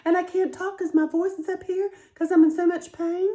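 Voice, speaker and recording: A woman voicing an older woman who hides her pain, speaking in a strained, high, tight voice. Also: steady tone, fairly quick, warm tone. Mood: strained denial. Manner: brittle, insisting all is fine.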